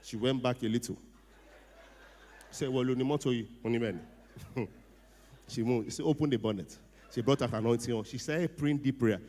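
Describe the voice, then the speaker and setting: A middle-aged man with a Nigerian accent tells a funny story at a ceremony, animated and often laughing, dropping to a hushed voice for quoted lines. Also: mid-range voice, moderate pace, pauses often. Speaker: speaker at a ceremony. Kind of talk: humorous storytelling speech. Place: event hall. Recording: long hall reverb.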